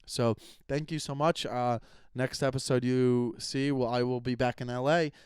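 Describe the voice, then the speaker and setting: A young man rambles through a casual solo episode of his podcast, venting profanely about his listeners. His mid-range voice is smooth, with fairly even intonation and a normal pace. The close-miked recording is studio quality, without echo.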